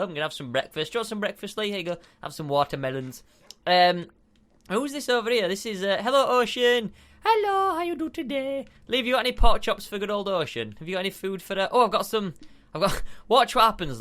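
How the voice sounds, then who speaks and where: A man's voice: sits high, a bit bright. A young man giving bubbly, chatty gameplay commentary as a video game host, often giggling and using fillers.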